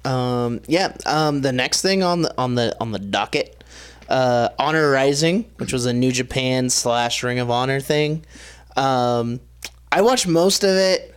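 A man's voice: medium pitch, measured pace, clear, resonant tone. A young man co-hosting a casual podcast chat, rambling with many fillers. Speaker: podcast co-host.

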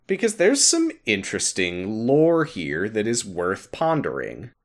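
A man with a low voice hosts a casual podcast recap. His pitch swings widely as he tells the story with animated energy. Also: unhurried. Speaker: podcast host.

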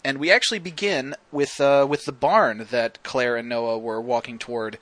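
Wry male podcast host, sharp bright tone, dry close mic, chatty scene-by-scene recaps. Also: mid-range voice, steady tone, dry recording. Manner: wry, detailed, quick to quote scenes. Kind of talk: casual film breakdown chat.

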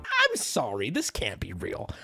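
A man's voice: medium pitch, wildly swooping pitch, measured pace, vocal fry, sharp tone, soft background music. A young man streaming, reacting in casual, blunt, profane chat and laughing often.

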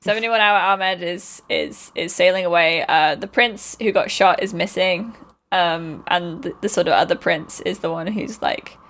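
A woman's voice: lowish voice, moderate pace, a bit bright. A woman hosting a podcast, chatting casually and recapping a book in a rambling way with lots of ums and frequent laughter. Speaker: podcast host.

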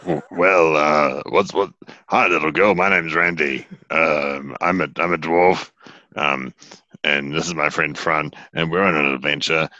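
A man's voice: a bass voice, steady tone, a little slow, pushed and bright, no echo, heavily acted. A man playing a friendly, bumbling dwarf adventurer who stumbles over his words with many hesitations. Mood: awkward friendly. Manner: hesitant, stumbling, lots of ums. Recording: dull lo-fi mic.

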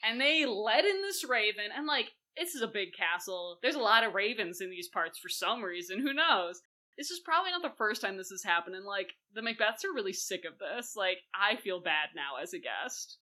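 A young woman co-hosting a casual film chat, animated and acting out lines in quick impressions. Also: mid-range voice. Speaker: podcast co-host.

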